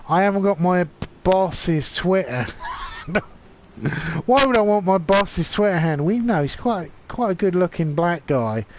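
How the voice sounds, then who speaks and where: A high-pitched man with an English accent talks drunk, rambling from one point to the next and swearing hard as he rants. He is chatting casually on a live stream while gaming. Loud noise and passing vehicles sit under his voice. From England. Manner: rambling, profane ranting.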